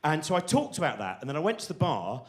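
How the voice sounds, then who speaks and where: Animated rambling male stand-up comic. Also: fairly high pitch, quick pace. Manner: rambling, excitable, self-interrupting. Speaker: stand-up comedian. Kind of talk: live stand-up storytelling. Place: theatre stage before a live audience.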